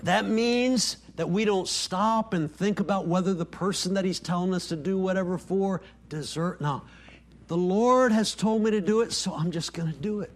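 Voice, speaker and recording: A man preaching a sermon as pastor, acting out quoted dialogue and sinking to soft, hushed lines for emphasis. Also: moderate pace. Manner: preaching, dropping to soft near-whispers on key lines; voices quoted dialogue with rising pitch.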